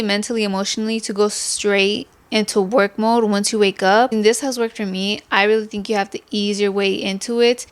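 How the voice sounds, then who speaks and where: A woman's voice: medium pitch, smooth. Chatty young woman, swears freely. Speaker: podcast host. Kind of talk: casual chat.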